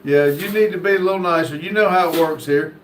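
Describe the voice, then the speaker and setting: A man's voice: a little high, quick pace, a little hiss or hum. A man from North Carolina, hosting a livestream and reading chat messages aloud in a folksy, easygoing way with many fillers. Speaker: livestream host. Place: indoor room. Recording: echoey room.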